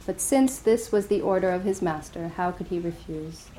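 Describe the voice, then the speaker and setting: A woman meditation teacher giving a dharma talk and telling a story in a gentle, hesitant way, with easy laughter. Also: lowish voice, moderate pace, a little hiss or hum, rough recording.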